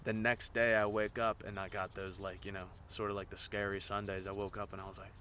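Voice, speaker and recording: Young male podcast host, low-pitched, bright and pushy tone, rambling and profane, crickets faintly behind. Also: flat delivery, a little fast, hardly any pauses, a little hiss or hum. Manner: rambling, swears often. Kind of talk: casual storytelling monologue.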